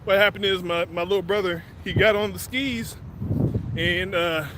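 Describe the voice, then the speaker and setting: Man, high voice, animated street vlogger, loud traffic and wind. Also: moderate pace. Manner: animated, playful storyteller with sound effects. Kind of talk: walk-and-talk storytelling. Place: outdoors on a city street with traffic.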